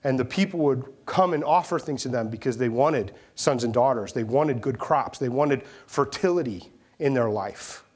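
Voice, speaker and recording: A man's voice: mid-range voice, normal speed, few pauses, a little mellow. A man preaching a sermon, retelling a scripture story with emphasis and rhetorical questions.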